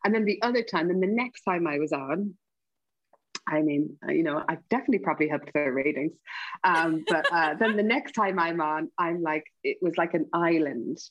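Lively Irish woman telling a story. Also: normal speed, no echo. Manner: animated, acts out quoted dialogue with big pitch jumps. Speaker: TV cook and podcast guest. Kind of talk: casual storytelling chat. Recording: slightly dull, lo-fi podcast audio.

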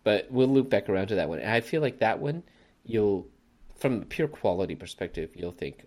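A man's voice: lowish voice, lively intonation, moderate pace, darkish tone. A man hosting a casual podcast about a movie, rambling and laughing often. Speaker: podcast host. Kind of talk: casual movie review chat.

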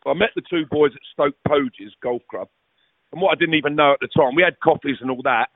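A middle-aged former footballer, appearing as a guest in a casual chat, tells rambling stories full of swearing and restarts. His voice is slightly high and brisk, and the dry recording sounds tinny, like a phone, with no room sound.

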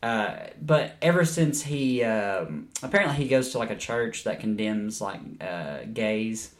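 A man trading jokes on a podcast, laughing often and swearing without a second thought. His pitch rises and falls a lot, and he sounds at ease in the chat. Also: lively intonation, measured pace. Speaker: podcast co-host. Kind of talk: casual chat.

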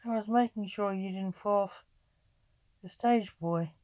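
A woman's voice: mid-range voice, measured pace, a little mellow, close to an everyday voice. A woman voicing a stern, protective necromancer father in a gothic audio story. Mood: concerned.

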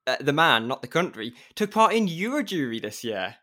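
A man's voice: on the high side, very animated, normal speed, pushed and bright. Playful male podcast host. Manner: playful, teasing. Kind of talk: casual podcast chat.

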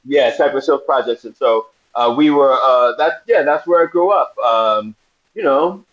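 A man from Brooklyn, New York, telling stories as a guest actor in a casual interview, animated and laughing often. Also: mid-range voice, normal speed, lo-fi sound. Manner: animated storyteller, laughs often, acts out quotes. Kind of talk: casual anecdotal interview chat.

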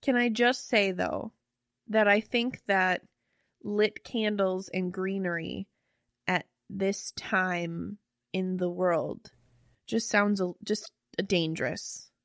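An excitable young woman co-hosts a casual conversation, jumping in with curious questions. Her voice sits at a middling pitch and is recorded close and dry, without any room sound. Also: slow, no room sound. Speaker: podcast co-host. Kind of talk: casual chat.

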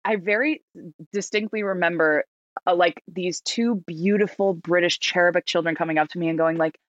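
A woman's voice: fairly low pitch, fairly even intonation, moderate pace, no echo, lo-fi sound. A woman from New York with an American accent, telling a story as a podcast guest in a chatty, giggly way. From New York, United States. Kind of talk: casual storytelling.

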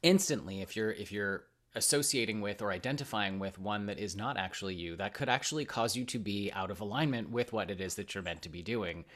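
Man, podcast host, low voice, enthusiastic, casual. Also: brisk, few pauses, fairly bright tone. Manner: enthusiastic, restarts often. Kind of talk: casual interview talk.

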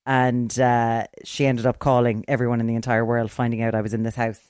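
A middle-aged Irish speaker telling a story in casual chat on a podcast, acting out every quoted voice and jumping between hushed asides and sudden high, loud bursts. The voice sits at a middle pitch and is recorded close and dry, with no room sound at all. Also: fairly quick, clean tone, no room sound. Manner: animated, acts out quoted voices with big swings in pitch and loudness.

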